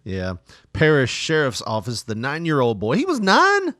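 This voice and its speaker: A man's voice: mid-range voice, wildly swooping pitch, moderate pace, bright, forceful tone, no echo, studio quality. A man co-hosting a casual podcast, laughing often and reading news stories aloud with joking asides. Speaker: podcast co-host.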